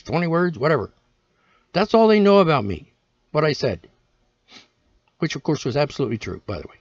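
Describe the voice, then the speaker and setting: A man's voice: fairly high pitch, no echo. A man hosting his own podcast, ranting in a profane, exasperated way. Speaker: podcast host. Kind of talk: casual solo rant. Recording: dull lo-fi dry recording.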